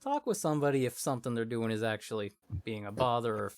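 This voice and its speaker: A man speaking as a guest in a casual chat, calm and measured in a reflective way. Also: mid-range voice.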